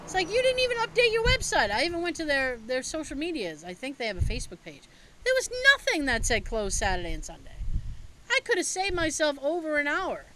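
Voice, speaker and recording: Animated woman telling a story. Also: high-pitched, a little fast, slight background noise, rough recording. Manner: animated, swearing, laughs often. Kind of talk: casual storytelling chat.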